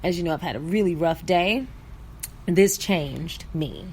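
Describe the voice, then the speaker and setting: A woman hosting a podcast, retelling a funny video in an animated way and breaking into laughter. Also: lowish voice, unhurried, a little hiss or hum. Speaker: podcast host. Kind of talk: comedic story recap.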